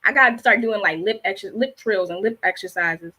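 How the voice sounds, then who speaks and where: Streaming live on an online show, this Baltimore-born spoken word poet in her twenties performs and chats casually in her hometown accent. Her mid-range voice is pushed and bright, fairly quick, with rhythmic, emphatic delivery.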